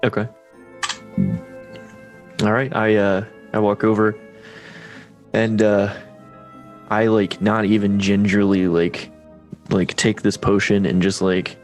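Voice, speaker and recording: Chill low voiced guy playing tabletop game, slow and halting. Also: level tone, faint music behind. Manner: casual, halting, lots of fillers. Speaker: player. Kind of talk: casual tabletop play.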